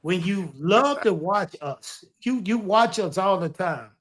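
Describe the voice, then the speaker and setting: A man's voice: high voice, expressive, measured pace, a bit bright. A man co-hosting a casual podcast chat as a former wrestler, boastful and teasing as he talks over the others.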